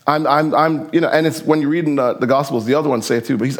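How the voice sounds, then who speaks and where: A man preaching a sermon in a conversational, animated way, acting out Bible characters with casual asides. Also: a little high, fast, few pauses. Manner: conversational, uses slang and fillers. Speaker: pastor.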